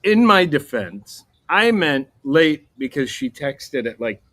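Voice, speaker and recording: A man's voice: fairly high pitch, big pitch swings, slow pace, fairly bright tone, no echo. Rambling, laughing man co-host. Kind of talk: casual comedic chat.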